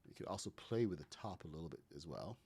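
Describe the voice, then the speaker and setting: Deep-voiced Caribbean man streaming. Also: animated, fast talker, warm tone, slightly rough. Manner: thinks aloud, talks to chat while building. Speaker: gaming streamer. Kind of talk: casual building tutorial commentary.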